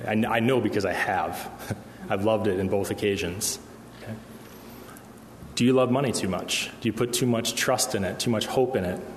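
A man's voice: lowish voice, a little hiss or hum. A man preaching a conversational sermon in church, often checking in with the congregation. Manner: conversational, asks the room "okay?" often. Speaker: pastor. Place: church hall. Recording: echoey hall with long reverb.

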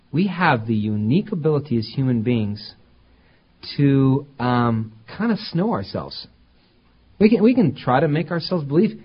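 A man delivering a sermon in a husky, slightly breathy voice, conversational at first and then building to emphatic, ringing peaks. The recording sounds a little dull and lo-fi. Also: medium pitch. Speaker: pastor.

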